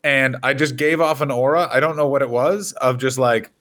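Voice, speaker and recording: A man's voice: mid-range voice, normal speed, a bit bright. A man, a comedian co-hosting a podcast, telling loose, profane stories in casual chat. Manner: loose, profane tour storytelling.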